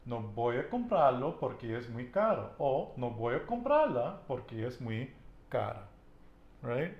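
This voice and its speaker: A man's voice: mid-range voice, big pitch swings, normal speed, echoey room, highs cut off. A man teaching a casual language lesson, patiently asking questions and repeating his student's answers with encouragement. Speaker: Spanish teacher.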